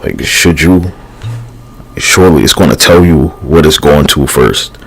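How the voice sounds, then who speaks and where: A man's voice: very deep voice, measured pace, vocal fry, faint music behind. A man rambling through a livestream monologue, profane and slangy, drifting between thoughts with sighs and fillers.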